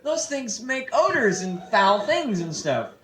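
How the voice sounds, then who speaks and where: A man in his twenties doing a loose stand-up set in a comedy club, teasing the audience and slipping into quick voices. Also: high voice, big pitch swings, fairly bright tone. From San Francisco. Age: 20s. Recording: echoey club room with audience noise. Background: audience laughter.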